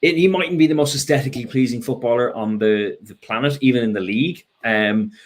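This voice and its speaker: A man's voice: mid-range voice, fairly quick. An Irish man chatting as a fan guest after a match, frank and rambling, with lots of ums and restarts. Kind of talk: casual post-match chat.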